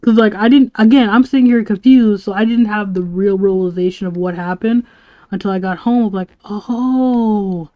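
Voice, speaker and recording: A woman's voice: medium pitch, fairly even intonation, brisk, highs cut off, faint music behind. A young woman livestreaming, rambling through school stories with laughs and lots of "like" and "bro". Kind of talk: casual storytelling to a live chat.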